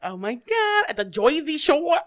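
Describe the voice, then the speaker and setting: A young woman from the Midwest co-hosting a casual podcast, her voice sitting a little high and leaping all over the place as she jokes and giggles. The sound is close and dry, with no room around it. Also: sing-song, unhurried, no echo. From American Midwest. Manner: playful, jokey, giggly banter. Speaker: podcast co-host. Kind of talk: casual chat.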